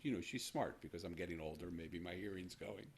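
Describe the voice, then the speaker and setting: A man's voice: low voice, fairly quick, vocal fry, slight background noise. A man in his sixties, a podcast host telling a personal story to his guest in an earnest, reflective way. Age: 60s.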